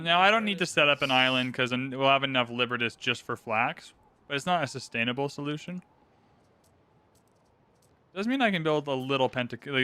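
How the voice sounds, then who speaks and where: A man's voice: medium pitch, sharp tone, clear, resonant tone, no echo. A man hosting a gaming channel, talking through a strategy game in casual, upbeat commentary and explaining his moves as he plays.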